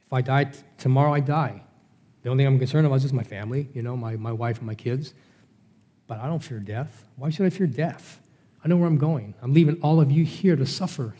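A man's voice: medium pitch, warm tone. A middle-aged man preaching a Bible study sermon in a conversational way, asking rhetorical questions. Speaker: pastor.

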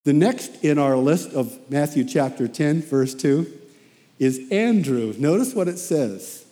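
A man preaching a sermon as animated storytelling, often repeating himself as he goes. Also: a little high, measured pace, in a large hall.

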